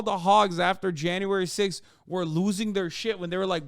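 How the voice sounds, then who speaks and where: A man streaming, ranting in casual commentary with a profane, mocking edge that swings from low mutters to loud outbursts. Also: fairly even intonation, normal speed, hardly any pauses, dry recording, studio quality.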